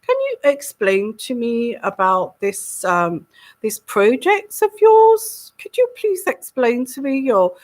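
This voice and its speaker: A woman doing an impression of an elderly, posh queen, politely bewildered and halting, repeating her words. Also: fairly high pitch, big pitch swings, darkish tone.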